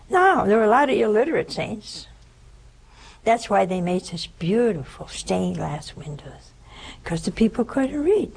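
With a creaky, breathy-edged voice of medium pitch, an older woman speaks unhurriedly in an informal spiritual talk. As a religious teacher, she tells a story and acts out its people, growing animated in their quoted speech. The audio is poor.

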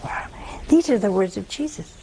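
A woman's voice: medium pitch, expressive, normal speed, vocal fry, slight background noise, poor audio. A woman giving a conversational Catholic religious talk, telling humorous stories and asking her listeners rhetorical questions.

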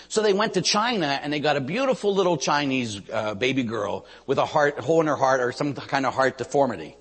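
A Catholic priest delivers a storytelling sermon with a husky, slightly raised voice that swings widely in pitch. He goes from loud emphatic peaks to near-whispers. His words ring out in a long church reverb. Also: animated, fast talker. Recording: reverberant hall.

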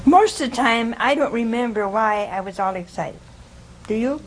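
A woman's voice: a little high, normal speed, low-quality recording. A woman delivers a casual sermon, talking with her listeners rather than at them. She keeps putting questions to them and chuckles often. A light hiss sits behind her voice. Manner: acts out quoted speech. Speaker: religious teacher. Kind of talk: informal sermon with audience questions.

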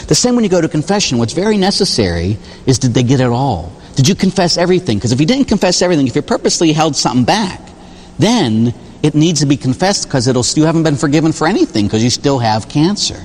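A man's voice: on the high side, fast. A man who is a Catholic priest, preaching a sermon in a church with jokes and rhetorical questions. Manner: animated, joking, full of rhetorical questions. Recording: long reverb of a large hall.

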